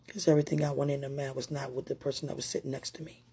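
A woman's voice: rumbling low, flat delivery, rapid-fire, mellow, a little hiss or hum. A woman giving an emotional personal testimony, talking straight to her partner in a heartfelt, rambling way with prayerful asides.

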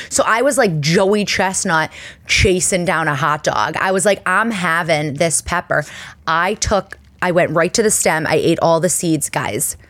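A woman in her thirties hosting a podcast, telling stories in a chatty, self-deprecating, animated way. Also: on the low side, measured pace, no room sound. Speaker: podcast host. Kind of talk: casual chat.

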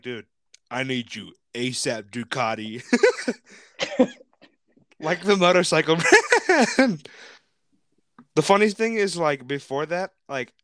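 Lively young man, laughing chatter. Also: a little high, clear, resonant tone, dry recording, clean studio sound. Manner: laughs often, animated storytelling. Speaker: podcast co-host. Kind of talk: casual chat.

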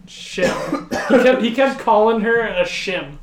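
A man's voice: sits high, animated, slow pace, echoey room, noisy background. A young man in casual chat, trading crude jokes with friends. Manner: crude, joking banter.

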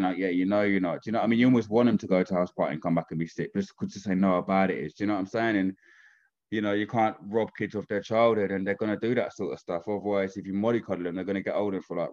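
A man's voice: low-pitched, fairly even intonation, rapid-fire. A man in casual chat, rambling and often asking "do you know what I mean". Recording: dull lo-fi sound.

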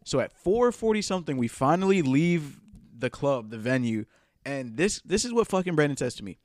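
A young man with a slightly high voice tells a story in quick, loose bursts. His pitch leaps around as he acts out other people's lines. The sound is close and dry. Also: dry recording. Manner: animated, laughing, profane, acts out quotes. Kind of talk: casual chat, storytelling.

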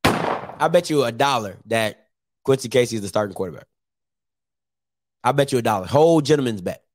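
A man's voice: mid-range voice, lively intonation, brisk, no room sound. A man hosting his own YouTube show, chatting casually and teasing viewers, with lots of fillers. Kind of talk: casual live-stream talk.

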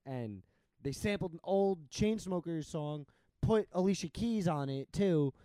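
A man hosting a podcast in casual chat, animated and swearing freely. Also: on the high side, a little slow, no echo. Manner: animated, profane, excitable. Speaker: podcast host.

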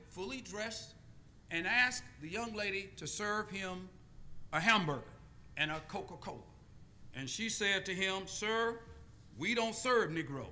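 A man preaching a sermon, telling stories with deliberate pauses and calling for amens. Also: high voice, bright, forceful tone. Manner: call-and-response, deliberate pauses. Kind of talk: sermon with storytelling.

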